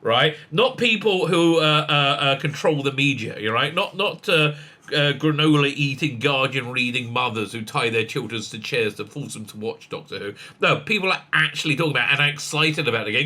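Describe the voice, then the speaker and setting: Excitable man with a bright voice. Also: medium pitch, brisk. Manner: excitable, rambling, many fillers and restarts. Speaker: rabbi and online commentator. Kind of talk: casual commentary vlog.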